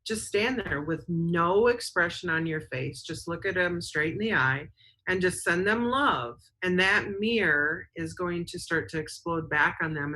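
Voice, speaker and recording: A woman's voice: on the low side, fairly bright tone, poor audio. A woman co-hosting a talk show, speaking earnestly and reading out viewer comments. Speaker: show co-host. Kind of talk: casual advice talk.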